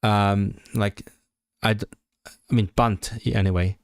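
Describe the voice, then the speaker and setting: A man's voice: fairly low pitch, steady tone, unhurried, creaky, no echo, studio quality. A young man on a livestream, studying aloud and stumbling, correcting himself as he switches between reading and chatty asides. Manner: thinks aloud, self-correcting and stumbling over words. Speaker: language-learning streamer. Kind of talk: casual livestream study session.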